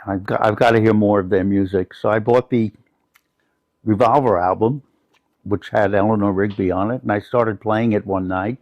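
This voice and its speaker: A lower-pitched older man recalls his past in an unhurried, reflective way, speaking as an interview guest. His voice is close and dry, with no room sound around it. He is from the United States and tells his stories in a plain, conversational manner. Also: steady tone, darkish tone, no room sound, highs cut off. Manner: reflective anecdotal storyteller. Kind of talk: personal storytelling in an interview.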